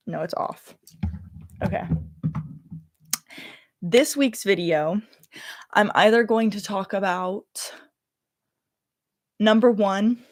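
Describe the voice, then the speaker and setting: A young woman chatting casually on a livestream as she gets ready, rambling and breaking off mid-thought. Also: medium pitch. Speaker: content creator livestreaming while getting ready.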